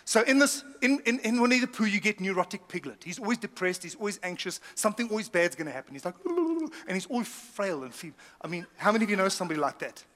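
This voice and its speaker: A man's voice: sits high, fast talker, hardly any pauses, long reverb tail. A middle-aged man preaching a humorous sermon, telling stories with laughs and asides. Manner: lively storytelling with laughs and asides. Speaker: pastor.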